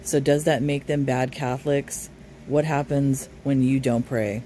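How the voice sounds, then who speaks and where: A man's voice: mid-range voice, fairly even intonation, measured pace, mellow, a little hiss or hum. A man commentating on a live stream, reading viewer comments aloud and arguing back at them. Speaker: reaction commentator.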